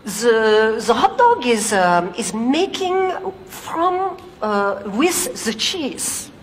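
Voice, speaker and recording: A woman voicing a hesitant male French engineer who struggles with broken English and fills pauses with "uh". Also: mid-range voice, animated, a bit bright, a little hiss or hum. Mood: groping. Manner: halting, broken English with many "uh".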